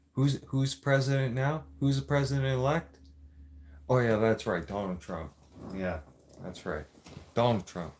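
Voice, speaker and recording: Slow, blunt profane Canadian man. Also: mid-range voice, darkish tone. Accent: Toronto Canadian. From Greater Toronto Area, Canada. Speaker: vlogger. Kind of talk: ranting monologue to camera.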